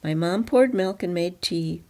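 Woman with a low, gravelly reading voice. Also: unhurried. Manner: calm, reflective storytelling. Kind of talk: reading a story aloud.

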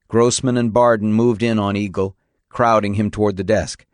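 A man narrating a novel in a steady, even storytelling manner. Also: fairly low pitch, moderate pace, no echo, studio quality. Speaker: audiobook narrator. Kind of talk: scripted narration.

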